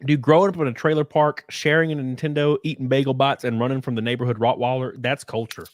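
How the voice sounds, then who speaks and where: A man's voice: mid-range voice, fast talker, dry recording, clean studio sound. A man from Alabama with a thick Southern accent, hosting a casual live stream and chatting loosely, cursing now and then. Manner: loose, excitable, swears casually. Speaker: stream host. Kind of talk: casual chat.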